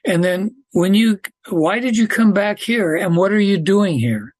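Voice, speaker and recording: A man hosting a faith program, asking slow, measured questions with fillers. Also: sits high, lively intonation, a little mellow, no echo. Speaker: host.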